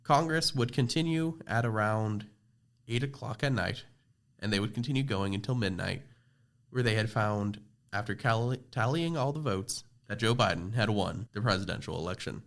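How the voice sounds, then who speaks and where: A man's voice: fairly low pitch, normal speed, gravelly. A teenage boy narrating a scripted school project podcast, reading steadily with small slips and restarts. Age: teens. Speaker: student presenter.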